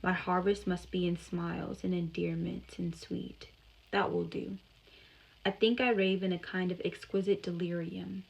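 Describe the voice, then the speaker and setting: Brooding gentleman disguised as a fortune-teller, read by a woman, flat low voice, slow dreamy lines. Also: vocal fry, slightly rough, heavily acted, poor audio. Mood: wistful.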